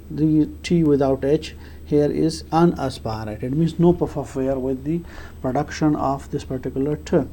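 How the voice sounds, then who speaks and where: Lecturer, mellow tone, hesitant, repeats points while explaining. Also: mid-range voice, slight background noise. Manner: halting, with frequent fillers and restarts; repeats key phrases for emphasis. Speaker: English teacher.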